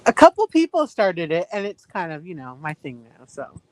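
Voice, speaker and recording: A man appearing as a guest on a casual live stream, relaxed and quick to laugh. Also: sits high. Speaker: trivia guest.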